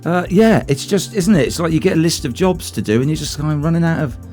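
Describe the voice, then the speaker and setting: A man's voice: a little high, animated, fast talker, a little mellow, soft background music. A man co-hosting a casual radio chat show in a studio, telling rambling anecdotes. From England. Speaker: co-host.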